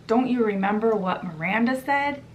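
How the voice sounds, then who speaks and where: A woman's voice: fairly high pitch, normal speed, slight background noise, natural voice. A woman voicing an earnest, dreamy young man who is an outsider, in a wistful way. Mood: eager.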